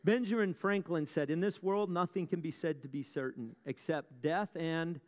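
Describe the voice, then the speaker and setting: The sermon comes from a male pastor whose somewhat high, slightly mellow voice echoes long in a big church hall. Along the way he tells stories with dramatic pauses, asks rhetorical questions, and makes wry comments to the congregation.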